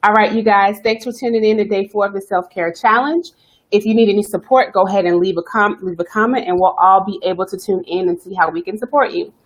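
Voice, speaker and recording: A woman hosting a self-care live stream, talking fast and chatty, greeting viewers by name as she coaches. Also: mid-range voice. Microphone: webcam or phone live stream.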